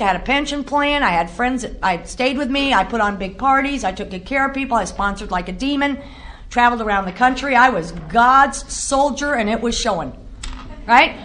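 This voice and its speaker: Middle-aged woman telling her story at a recovery meeting, self-mocking, kinda high pitched. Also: bright, forceful tone, a little hiss or hum. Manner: candid, self-mocking, laughing between lines. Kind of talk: personal testimony talk.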